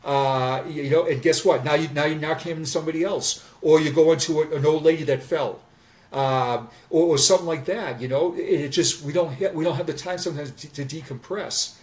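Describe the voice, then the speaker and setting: On a podcast, a roughly sixty-year-old ex-cop with a fairly high, somewhat mellow voice talks fairly quickly through candid stories. Earnest in tone, he repeats words whenever he restarts a sentence, and the mic picks him up from a distance.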